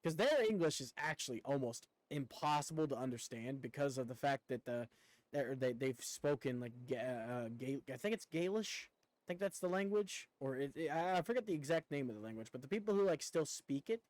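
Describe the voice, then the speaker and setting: A man's voice: mid-range voice, lively intonation, a little fast, a little mellow, dry recording. A man from the United States chatting casually on a live stream, rambling and cursing offhandedly.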